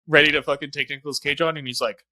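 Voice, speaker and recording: A man's voice: fairly high pitch, fairly even intonation, racing, pushed and bright, no echo. A young man in casual chat, animatedly retelling movie scenes with lots of swearing and laughter. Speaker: podcast co-host, film reviewer.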